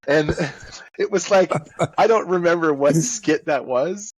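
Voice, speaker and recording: A man's voice: fairly high pitch, unhurried, slightly rough, rough recording. A man guest chatting casually in an interview, self-deprecating and slipping into voices as he talks. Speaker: guest author and audiobook narrator.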